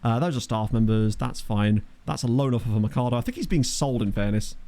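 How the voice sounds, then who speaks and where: A man's voice: medium pitch, fairly quick, warm tone. A young man chatting casually while streaming a football management game, with wry asides and replies to chat. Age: young adult. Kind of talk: casual live-stream commentary. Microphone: desk microphone.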